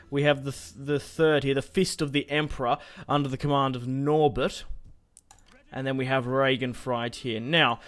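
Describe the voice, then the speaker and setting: A man's voice: medium pitch, fairly bright tone. A young man, chatting casually through a strategy game, rambling, swearing lightly and laughing at himself. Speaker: gaming YouTuber. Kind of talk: casual gameplay commentary.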